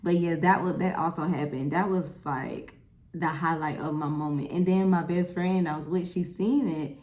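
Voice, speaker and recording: A woman's voice: sits low, normal speed, reverberant. Chatty woman doing a tarot reading. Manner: chatty, animated, lots of "okay?" and "y'all". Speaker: tarot reader. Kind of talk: casual tarot reading to camera.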